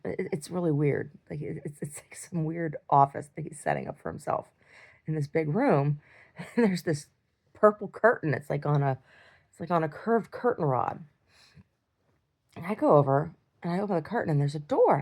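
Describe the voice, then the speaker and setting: Speaking in a lowish, slightly mellow voice, a video diarist with chronic pain casually recounts a dream. Her telling wanders, full of fillers and false starts, and she voices quoted lines louder as if performing them.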